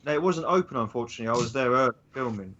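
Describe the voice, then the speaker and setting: A man's voice: mid-range voice, expressive, very fast, pushed and bright, dull audio. A man chatting casually, rambling and hunting for words with many ums. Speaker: stream co-host. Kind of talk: casual chat.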